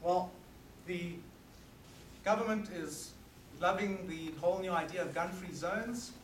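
South African man, high voice, earnest forceful speaker, roomy hall, distant mic, faint hiss. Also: a little slow. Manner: earnest and forceful, emphatic repetition. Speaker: guest speaker. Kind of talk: public talk to an audience. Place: meeting hall.

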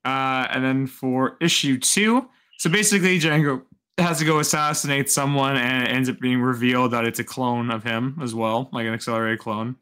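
A man's voice: mid-range voice, steady tone, normal speed, pushed and bright. A man co-hosting a casual chat about comics, rambling with many restarts. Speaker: co-host reviewing comics.

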